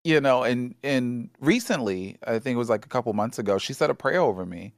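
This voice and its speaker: A man co-hosting a podcast, chatting casually and with a relaxed manner in a studio. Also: mid-range voice, a little fast, no echo. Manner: relaxed and chatty, heavy use of "like". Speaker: podcast co-host. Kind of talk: casual chat.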